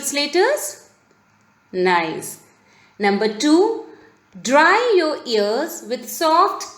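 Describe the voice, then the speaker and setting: A woman teacher reading a lesson to children, spelling out words letter by letter and asking them questions. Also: high voice. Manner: sing-song questions to children. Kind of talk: classroom lesson reading aloud. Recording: echoey room.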